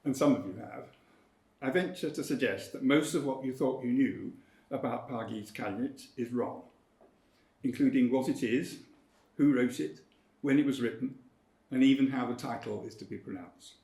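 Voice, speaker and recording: Man, lecturer, mid-pitched voice, deliberate and emphatic, roomy hall sound. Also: darkish tone. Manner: measured, precise, emphatic. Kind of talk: academic lecture.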